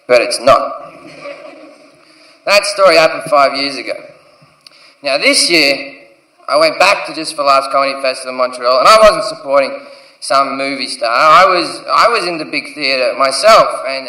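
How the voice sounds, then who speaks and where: Brash Australian comedian in an echoey theatre. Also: male voice, a little high, pushed and bright, far from the mic. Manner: brash, crude storytelling with acted-out voices. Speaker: stand-up comedian. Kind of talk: stand-up comedy routine. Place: large theatre stage.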